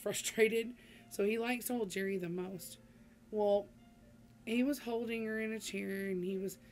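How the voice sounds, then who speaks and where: A woman's voice: medium pitch, darkish tone, slight background noise. A middle-aged woman chatting casually to her vlog audience, rambling with many ums and restarts. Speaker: vlogger. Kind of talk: casual chat to camera.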